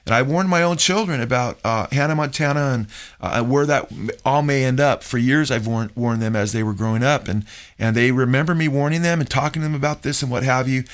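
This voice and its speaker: A man's voice: mid-range voice, fairly quick. A middle-aged man, a pastor hosting a radio talk show, preaching emphatically and calling his listeners folks.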